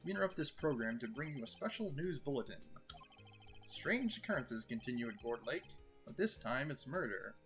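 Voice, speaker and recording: A stiff male TV news anchor, as a man puts him on reads bulletins in a video game. His delivery is formal and even, at a middling pitch, with faint music behind. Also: moderate pace.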